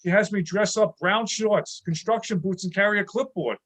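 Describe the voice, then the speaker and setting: A man from New York performing a stand-up set, with deadpan joke delivery. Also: sits high, moderate pace. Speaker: stand-up comic.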